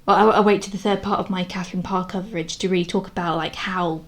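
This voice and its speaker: A woman's voice: on the low side, fairly even intonation, quick pace. A young woman giving a casual vlog commentary, talking frankly and rambling with many restarts, sounding exasperated. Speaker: video creator reviewing a historical drama.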